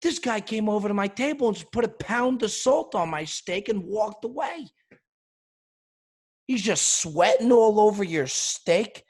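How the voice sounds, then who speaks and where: A man's voice: high-pitched, animated, unhurried, a little mellow, slightly rough. A man hosting a comedy podcast, delivering an exasperated, indignant rant.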